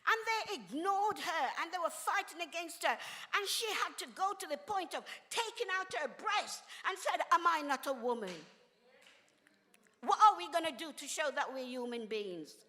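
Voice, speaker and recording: A woman's voice: very high-pitched, lively intonation, moderate pace, sharp tone. An older woman, a reverend, giving an impassioned, emphatic speech at a community event. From England. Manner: emphatic, preacherly, with exclamations and laughter. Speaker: reverend speaker. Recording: long hall reverb.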